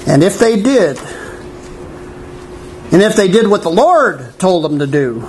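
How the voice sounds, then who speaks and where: A male pastor preaching a sermon in a church, animated, with wry asides to the congregation. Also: high-pitched, slow pace, gravelly, pauses often, slight background noise, rough recording.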